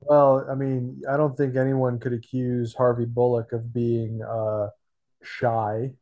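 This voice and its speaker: A man's voice: mid-range voice, level tone, slow pace, warm tone, lo-fi sound. A man co-hosting a casual discussion podcast, talking thoughtfully and hesitantly with many fillers. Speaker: podcast co-host.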